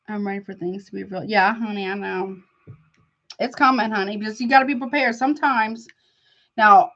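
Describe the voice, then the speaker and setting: Woman, tarot host, chatty and warm-hearted with viewers, mid-pitched, slightly muffled audio. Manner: chatty and affectionate, calls viewers honey. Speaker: tarot reader. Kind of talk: casual live-stream tarot chat.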